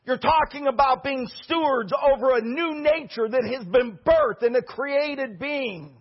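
A man preaching a sermon as pastor, impassioned, swinging between loud declarations and hushed asides. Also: very high voice, unhurried, husky, muffled recording.

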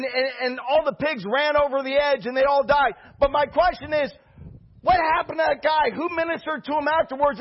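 A man preaching a sermon as pastor, impassioned, swinging between loud declarations and hushed asides. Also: very high-pitched, lo-fi sound.

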